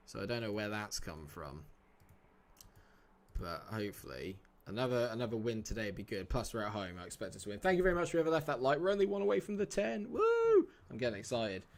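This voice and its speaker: Over a football management game, a man with a fairly low voice gives relaxed live-stream commentary. He speaks directly to his viewers and his players, chatting easily and swearing mildly, from a room at home near a main road.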